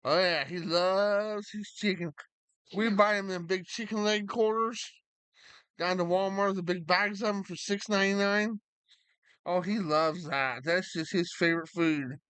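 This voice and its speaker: A man's voice: high voice, unhurried, a bit bright, smooth, no echo. Rambling man chatting on a stream. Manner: rambling, talks to chat and his dog. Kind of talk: casual live-stream chat. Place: home, dog beside him.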